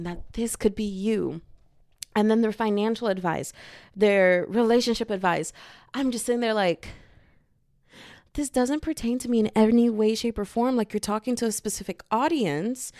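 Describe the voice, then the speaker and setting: A woman's voice: medium pitch, darkish tone, no room sound, clean studio sound. A young woman hosting a podcast, talking casually in a slangy, chatty way and acting out the people she quotes. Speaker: podcast host. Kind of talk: casual commentary monologue.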